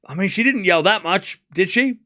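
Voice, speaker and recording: A man hosting a live tennis watchalong stream, chatting casually and excitedly, laughing often and thinking out loud. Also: high-pitched, moderate pace. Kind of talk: live commentary and casual chat.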